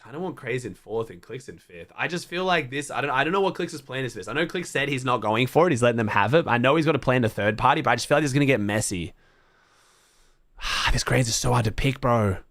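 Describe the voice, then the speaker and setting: A man's voice: mid-range voice, expressive, fast, fairly bright tone, no room sound. An Australian man streaming to his chat, thinking aloud in blunt, casual talk full of swearing. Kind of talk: casual livestream chat to viewers.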